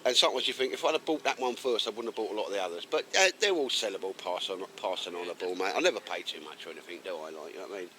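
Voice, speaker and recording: A man's voice: low-pitched, bright, forceful tone, a little hiss or hum, poor audio. A man vlogging a day in the woods, chatting and joking with a friend to camera. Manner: joking, teasing, quick laughs. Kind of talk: casual banter to camera. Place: outdoors in woodland.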